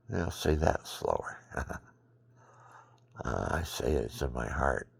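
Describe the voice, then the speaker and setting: A very low, gravelly male voice, husky and worn, rambling on about faith while fighting off sleep. He lurches from loud bursts down to near-whispers. It sounds like a phone recording in a dry, close room at home. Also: expressive, unhurried, long pauses, no echo. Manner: rambling, drifting between loud bursts and murmurs. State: sleepy, extremely tired. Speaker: vlogger. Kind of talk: rambling religious monologue.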